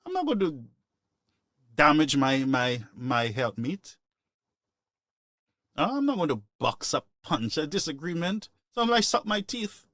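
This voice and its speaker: A man's voice: on the high side, sing-song, a little slow, pauses often, a bit bright, dry recording, clean studio sound. A man hosting a call-in show, talking in an impassioned, preachy way and repeating his points for emphasis. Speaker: radio call-in show host. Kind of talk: opinionated call-in talk.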